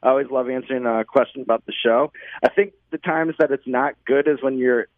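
A man's voice: medium pitch, fairly quick, no room sound. Chatty man on tinny phone-like audio. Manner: rambling storyteller, many likes and you-knows. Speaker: podcast guest, show host. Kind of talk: casual interview chat.

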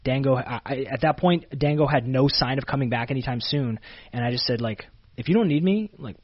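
A husky-voiced man from Canada tells his stories quickly and keeps restarting his sentences as he goes. The sound is dull and lo-fi. He is a wrestler guest in a relaxed sit-down interview. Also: medium pitch. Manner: animated storyteller, many fillers and restarts. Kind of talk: casual interview storytelling.

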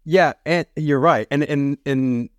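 A man talking as a podcast guest, animated and quick in bursts, often laughing as he tells stories. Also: a little high, no room sound, lo-fi sound. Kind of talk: reflective conversational podcast.

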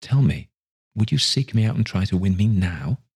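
A man reading a story aloud, voicing a gentle young woman who softly and steadily lets her sweetheart go. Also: lowish voice, lively intonation, normal speed, husky, pitched above the performer's own voice, full character voice. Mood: gently sorrowful.

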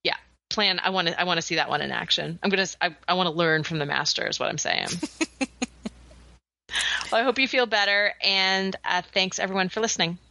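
A woman's voice: lowish voice, fairly quick, creaky, bright, forceful tone, slight background noise. A woman co-hosting a podcast in upbeat casual chat, laughing often. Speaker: podcast co-host.

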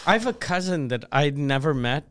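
A man's voice: a little high, lively intonation, moderate pace, a bit bright. A man in a casual chat, joking and laughing often with crude banter.

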